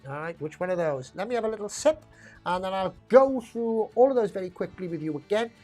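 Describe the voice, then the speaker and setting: A woman's voice: medium pitch, expressive, brisk, dark tone, faint music behind. A woman hosting a live online pub quiz, chatty and rambling, reading out questions and options and laughing often at herself. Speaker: quiz host.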